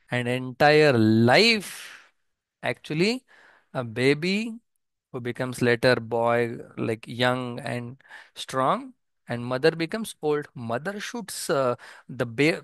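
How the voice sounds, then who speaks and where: A man's voice: medium pitch, fairly bright tone, dry recording. Man chanting and explaining scripture. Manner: chants verses in Marathi, then explains in plain English; asks and answers his own questions. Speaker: spiritual teacher. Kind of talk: scripture commentary lecture.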